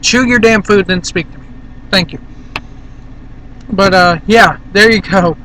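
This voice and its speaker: A man's voice: high-pitched, normal speed, pushed and bright, slight background noise, rough recording. A man from Virginia rambling casually and bluntly to the camera in a vlog, filmed on a handheld camera in a car. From Virginia, USA. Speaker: vlogger.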